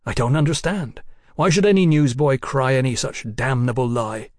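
A man puts on a flustered Victorian scientist, raised and anxious, blurting his words in wounded indignation. The voice is middle-pitched and recorded dry and close. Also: expressive, moderate pace, darkish tone, no room sound, lightly acted. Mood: agitated.

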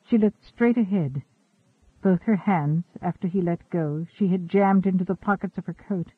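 A man narrating a novel in a steady, even storytelling manner. The recording is tinny and narrow-band. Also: high-pitched, moderate pace, husky, dry recording. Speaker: audiobook narrator. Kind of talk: scripted narration.

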